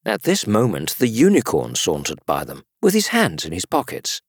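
A volunteer reading a classic storybook aloud, very animated with big swings in pitch. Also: normal speed, slightly rough, dry recording, clean studio sound. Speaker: volunteer reader.

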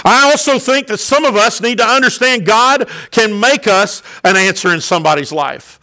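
High, bright-voiced preaching man. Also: expressive, normal speed, low-quality recording. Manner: impassioned preaching with sudden loud peaks. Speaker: pastor. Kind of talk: sermon.

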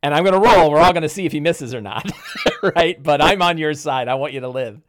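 Male podcast host, fairly high voice, animated storyteller, restarts sentences often. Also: brisk, noisy background. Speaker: podcast host and game master. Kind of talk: casual conversation.

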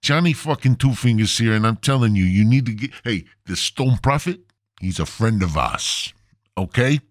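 A man's voice: lowish voice, lively intonation, moderate pace, no room sound, clean studio sound, lightly acted. A man voicing a tough-talking middle-aged male mobster who makes profane, streetwise threats. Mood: menacing.

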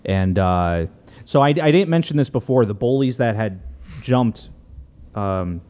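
A man's voice: fairly low pitch, expressive, unhurried, a little mellow. A man co-hosting a casual podcast, recapping movie scenes with frequent laughs and fillers. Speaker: podcast co-host.

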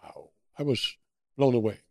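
Gravelly older German-accented man. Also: medium pitch, moderate pace, dry recording, clean studio sound. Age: 80s. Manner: animated anecdotes with acted-out quotes. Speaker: guest. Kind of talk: storytelling interview.

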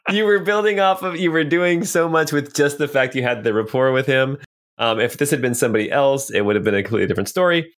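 A man narrating as game master of a tabletop role-playing game, relaxed, with filler ums. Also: mid-range voice, fast.

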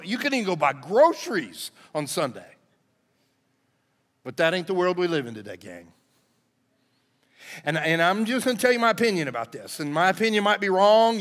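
A man's voice: fairly high pitch, a bit bright. A man, a pastor preaching a sermon in a folksy, joking way to his congregation. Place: church sanctuary. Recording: long hall reverb in a church.

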